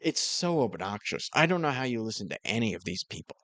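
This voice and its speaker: A man's voice: mid-range voice, sing-song, a little fast, fairly bright tone, no echo. A man giving casual, mocking commentary on another creator's video. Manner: sarcastic, mocking. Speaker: commentary YouTuber.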